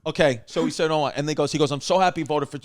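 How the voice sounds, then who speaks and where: A man's voice: fairly high pitch, very fast, dry recording, studio quality. A man from New York City co-hosting a podcast, telling a long story in casual chat and acting out the other people's lines. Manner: animated storyteller, quotes others in lively voices. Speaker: podcast co-host.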